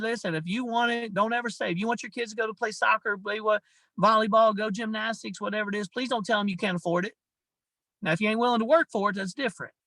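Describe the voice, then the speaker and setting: A man's voice: high voice, sharp tone, no room sound, poor audio. A man giving a motivational talk on a video call, emphatic and repetitive, tossing in "man" often. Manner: emphatic, repeats himself, says "man" a lot. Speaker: guest speaker on a company video call.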